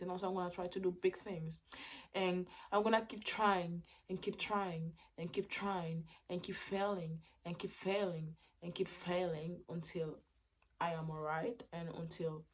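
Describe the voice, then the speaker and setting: A native Spanish-speaking woman in her twenties vlogs casually into her phone, her voice on the low side. She swings between loud, excited bursts and quiet, reflective stretches.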